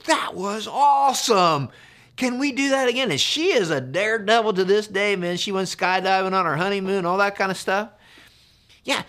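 A middle-aged man, a pastor, preaching a conversational, animated sermon. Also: sits high.

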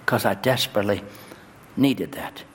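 A male pastor delivering a sermon in a church, his voice jumping high and loud on key words. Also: normal speed, slight background noise. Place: church sanctuary. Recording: long hall reverb, faint ambience.

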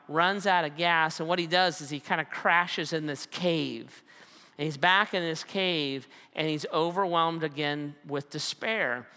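Animated pastor guy preaching, acts out voices, bright crisp tone. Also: on the high side. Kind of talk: sermon. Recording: long hall reverb.

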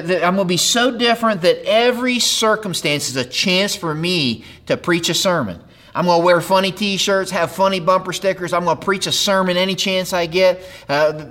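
A man's voice: sits high, a bit bright. A middle-aged man preaching a sermon in a conversational way, with rhetorical questions and repetition. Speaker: pastor.

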